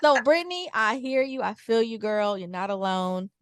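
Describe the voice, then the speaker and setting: A young adult woman, a mother and podcast guest, telling a story in a casual, candid and animated way. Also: on the high side, normal speed, clean tone, no room sound, clean studio sound. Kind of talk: casual chat.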